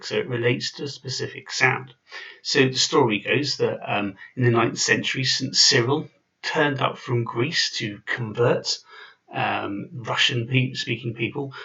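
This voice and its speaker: A man's voice: mid-range voice, vocal fry, sharp tone, recorded from a distance, muffled recording. A man giving an informal video lesson, chatty and full of fillers and restarts. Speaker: language teacher.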